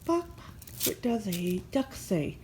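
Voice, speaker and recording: A woman prompting a toddler with slow, sing-song questions and demonstrating the animal noises for him to copy. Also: mid-range voice, expressive, dark tone, slight background noise. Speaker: parent teaching a toddler. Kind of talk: playful animal-sound prompting.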